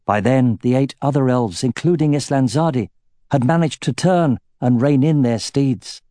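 With a mid-range voice, a male narrator tells a fantasy story in an unhurried, steady way. The audio is dry and of studio quality.

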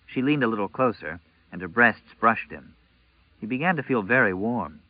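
A man narrates a novel at an even, measured storytelling pace. His voice is fairly low. The recording is dry and a little dull. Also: dry recording. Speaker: audiobook narrator.

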